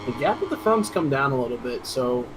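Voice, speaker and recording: A man doing casual esports race commentary, chatty and quick to laugh, restarting his sentences often. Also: mid-range voice, very animated, background noise.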